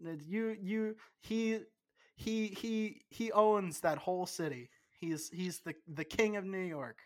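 A man's voice: high-pitched, takes it slowly, a little mellow. A man co-hosting a podcast, a bit tipsy, rambling and swearing with lots of stumbling restarts. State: tipsy from drinking. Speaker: podcast co-host. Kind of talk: casual podcast banter.

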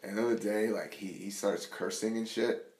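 A man's voice: fairly low pitch, fairly even intonation, normal speed, darkish tone. A man talking as a podcast guest in casual chat, rambling, swearing a lot and saying "like" all the time. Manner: rambling, profane, says "like" a lot. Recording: echoey room.

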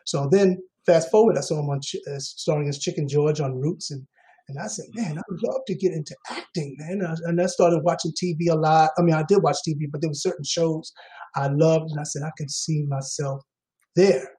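Soft-toned New man, rambling. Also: fairly high pitch, steady tone, brisk, low-quality recording. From Queens, New York. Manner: rambling, full of fillers and restarts, says "man" often. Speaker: actor, guest. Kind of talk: casual interview talk.

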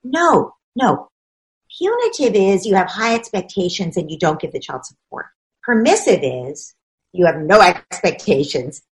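A woman's voice: lowish voice, very animated, normal speed, rough recording. A woman speaking as a parenting expert in a conversational interview, explaining ideas emphatically and often acting out what parents and children say.

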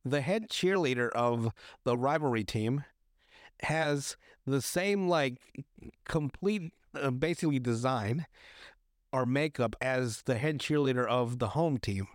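A man's voice: medium pitch, unhurried, dry recording, clean studio sound. A young man hosting a podcast, chatting casually and crudely with lots of swearing, restarts and fillers. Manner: crude, swears often, rambling with many restarts. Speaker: podcast host. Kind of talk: casual chat recapping a TV episode.

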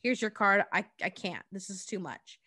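A woman's voice: mid-range voice, animated, moderate pace, pushed and bright, no room sound, clean studio sound. A woman voicing a blunt young female shop clerk who swears freely and talks brashly. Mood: earnest. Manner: brash and profane.

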